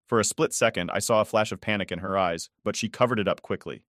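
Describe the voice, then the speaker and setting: Low-voiced man narrating a story. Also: animated, no echo, studio quality. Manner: measured, cold and restrained storytelling. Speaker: first-person story narrator. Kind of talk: scripted first-person story narration.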